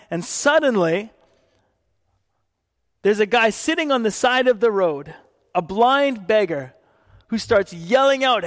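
A high-voiced man preaching with animated storytelling, slipping into the voices of the people in his stories. A long reverb from the hall trails behind every phrase. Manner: animated storytelling, acting out quotes. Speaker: pastor. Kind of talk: sermon.

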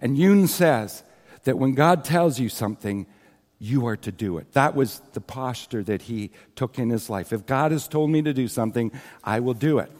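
A man's voice: medium pitch, lively intonation, normal speed, darkish tone. A man preaching a sermon, earnestly retelling a story with quoted scripture and asides to the congregation. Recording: long hall reverb.

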